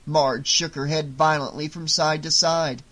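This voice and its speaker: An audiobook narrator reading a novel aloud in a steady storytelling manner. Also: mid-range voice, a little slow.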